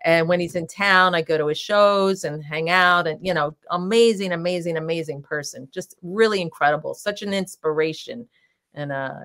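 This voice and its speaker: A woman's voice: fairly low pitch, normal speed, fairly bright tone. A woman guest telling rambling, filler-heavy anecdotes with frequent laughter in a casual interview. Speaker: guest, drag king performer.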